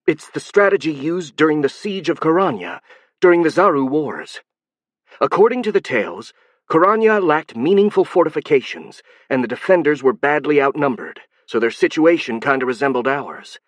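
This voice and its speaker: A measured young woman strategist, as a male narrator puts her on, calmly laying out a plan. He lifts his voice a little above his own for her, recorded dry and close. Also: fairly high pitch, no room sound, voice pushed up. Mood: explaining. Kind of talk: audiobook narration.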